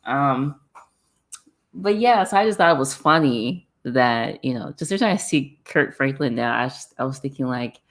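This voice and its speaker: A woman with a notably low voice hosts a loose, casual livestream chat and answers her viewers' comments. She talks in an animated way, breaks into laughter often and repeats phrases for effect. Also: normal speed.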